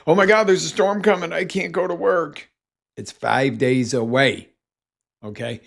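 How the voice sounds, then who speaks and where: A male motivational coach with a gravelly, fry-tinged voice at middling pitch. He talks in an animated way, jumping into quoted voices to act out everyday scenes for his listeners. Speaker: life coach. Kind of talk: motivational live talk.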